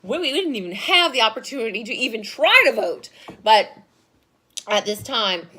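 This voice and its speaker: Woman teacher, high lively voice, gets loud and fast when excited, laughs a lot. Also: breathy edge. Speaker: history teacher. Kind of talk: recorded classroom lecture.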